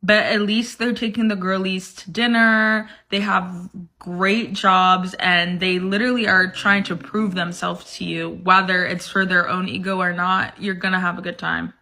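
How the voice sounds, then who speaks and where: A woman's voice: lowish voice, level tone, moderate pace, few pauses, pushed and bright. A woman giving sassy, teasing opinions in a casual vlog.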